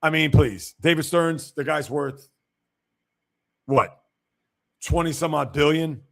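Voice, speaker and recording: Gravelly, blunt sports livestream host. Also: male voice, on the high side, takes it slowly, fairly bright tone. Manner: blunt, opinionated, reacts to chat. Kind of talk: casual livestream commentary.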